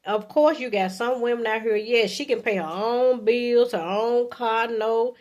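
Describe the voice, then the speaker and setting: A woman's voice: unhurried, a little mellow. A woman in her fifties giving casual relationship advice to camera in a chatty, folksy way, often checking in with okay. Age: 50s. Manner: chatty and folksy, often adding okay, acts out sweet lines to a partner in a high voice. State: coughing from allergies.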